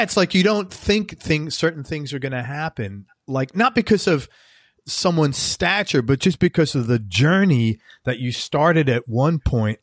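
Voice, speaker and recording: A man's voice: on the high side, no room sound, clean studio sound. A man hosting an interview, telling a chatty anecdote and laughing easily. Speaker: interview host. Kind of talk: casual interview chat.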